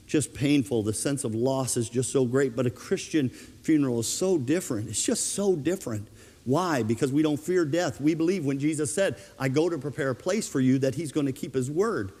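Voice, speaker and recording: Male pastor, animated sermon delivery, warm tone. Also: mid-range voice, long reverb tail. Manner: earnest, animated preaching with told anecdotes. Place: church.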